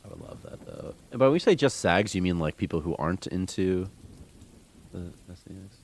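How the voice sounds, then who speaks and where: A man's voice: low-pitched, very animated, normal speed, gravelly. A man streaming game development, rambling casually with strong opinions and reading chat comments aloud. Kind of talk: casual rant on a live stream.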